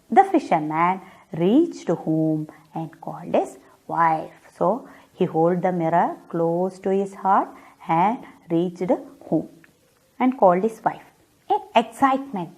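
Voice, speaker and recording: A woman's voice: mid-range voice, mellow, breathy edge. A woman teacher reads a story aloud to her class, repeating lines, asking questions and explaining words.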